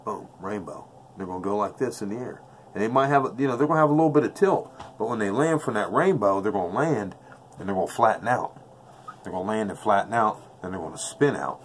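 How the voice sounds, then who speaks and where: An off-camera craps dice-control instructor, whose face is never shown, talks fast in a low-side voice with lively intonation over slight background noise. His dice-throwing tutorial is casual, slangy, blunt and intense, and he keeps repeating his points.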